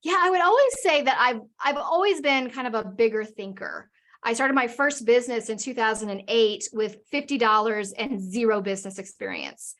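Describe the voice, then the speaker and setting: Spunky middle-aged woman guest, slightly high voice, vivid storyteller. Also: normal speed, a bit bright. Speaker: podcast guest, business owner. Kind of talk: storytelling in an interview.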